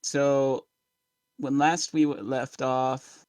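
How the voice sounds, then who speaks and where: A man's voice: medium pitch, flat delivery, very slow, a little mellow, clean tone, no room sound. A young man playing in a tabletop game, rambling through a casual recap of the last session and laughing along the way. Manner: rambling, laughing, trailing off mid-thought. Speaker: player.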